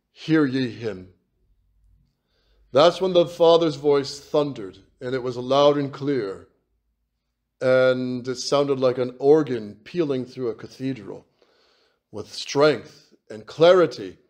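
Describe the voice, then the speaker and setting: A man preaching a sermon as a priest, slow and emphatic, repeating phrases for weight. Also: medium pitch, darkish tone.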